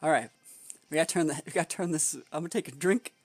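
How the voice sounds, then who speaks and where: In a fairly high, slightly rough voice, a young gamer and video creator talks fast through a competitive match, thinking aloud. He analytically mutters strategy about his opponent's moves before erupting in exasperation now and then. The recording is dry with faint background music.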